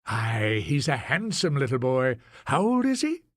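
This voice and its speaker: A man's voice: medium pitch, very animated, unhurried, no echo, studio quality. A man voicing a nosy older Scottish landlady who asks prying, sing-song questions in a Scottish accent.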